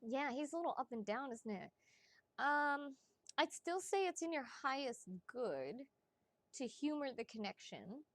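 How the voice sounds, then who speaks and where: High-voiced, chatty woman psychic streamer. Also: no room sound. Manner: chatty and excitable, swears freely, addresses the chat directly. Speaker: psychic reader hosting a live stream. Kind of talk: casual live-stream reading for viewers.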